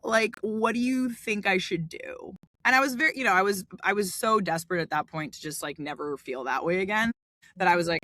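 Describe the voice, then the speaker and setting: A woman in her thirties tells her story as a podcast guest, bright and forceful in tone. She acts out quotes with sudden leaps in pitch. The recording is dry and close. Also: a little fast, no room sound. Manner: animated, acts out quotes with big pitch jumps. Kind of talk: casual storytelling interview.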